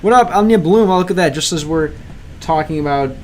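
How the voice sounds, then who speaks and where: This livestreamer's voice sits on the high side with a darkish tone, and he speaks briskly over a faint hiss or hum. Learning Spanish through a game, he translates lines out loud and chats with viewers in a rambling, hesitant way, with many ums and restarts.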